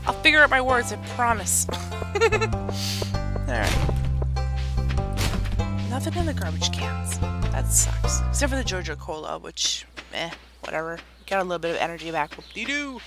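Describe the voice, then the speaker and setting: A woman chatting through a gameplay stream in a bouncy, expressive voice that rises and falls freely. She thinks aloud and corrects her own words. Loud game music plays behind her. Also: fairly low pitch, normal speed, pauses often. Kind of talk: casual gameplay commentary.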